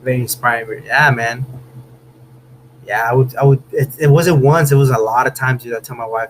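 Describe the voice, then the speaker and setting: A man's voice: mid-range voice, fairly even intonation, a little fast, a little hiss or hum, rough recording. Laid-back chatty man streaming live. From Southern California. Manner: laid-back, chatty, says "man" and "bro" a lot, bursts of laughter. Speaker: host of a car channel livestream. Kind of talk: casual live-stream chat reading viewer comments. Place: home room.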